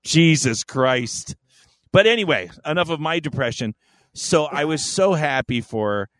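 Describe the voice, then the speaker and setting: A man's voice: a little high, animated, a little slow, fairly bright tone, dry recording. A man co-hosting a podcast, telling a story in a rambling, profane, joking way. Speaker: podcast co-host. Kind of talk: casual chat.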